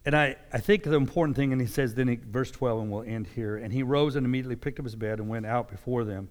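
A man's voice: mid-range voice, fast talker. A man giving a sermon, reading scripture and explaining it in a conversational preaching manner. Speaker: pastor. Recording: long hall reverb.

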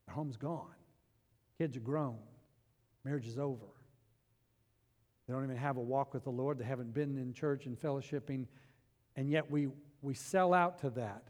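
A man pastor preaching a sermon, animated, swinging from loud passages to hushed ones. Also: medium pitch, moderate pace, long pauses, in a large hall.

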